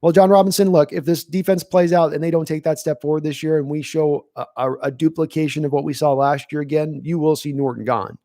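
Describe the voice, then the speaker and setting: A man's voice: fairly high pitch, fairly even intonation, a little fast, few pauses, dark tone, no echo, clean studio sound. A man hosting a live sports stream, chatting casually and answering viewers' questions from the chat as he thinks aloud. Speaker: podcast host reading live chat.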